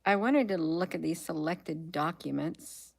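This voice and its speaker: Slow, low-voiced woman musing aloud. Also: gravelly. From United States. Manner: musing aloud, reading headlines, trailing off with many ums. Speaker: livestream host. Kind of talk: casual livestream commentary.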